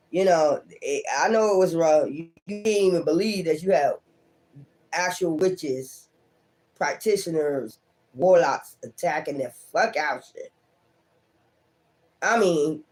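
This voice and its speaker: A woman's voice: lowish voice, darkish tone. A woman giving a casual tarot reading to her viewers, speaking straight to them in a profane, emphatic way and laughing often. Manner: talks straight to the audience. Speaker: tarot reader.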